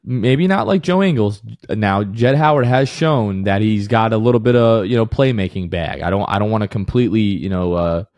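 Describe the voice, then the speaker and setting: A man's voice: fairly low pitch, normal speed, hardly any pauses, a little mellow, no echo. A man co-hosting a casual sports podcast who rants with heat, then apologizes for it half in jest. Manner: heated, ranting, then mock apologetic. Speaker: podcast co-host.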